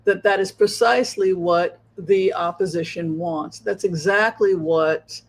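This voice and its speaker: Male stream host with a high voice, rhetorical political commentary, keeps checking in with "right?". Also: unhurried. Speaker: psychic show host.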